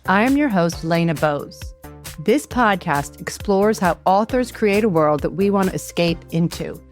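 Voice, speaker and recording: A woman's voice: lowish voice, expressive, moderate pace, faint music behind. A woman hosting a book podcast, reading a scripted introduction and asking questions with enthusiasm. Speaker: podcast host.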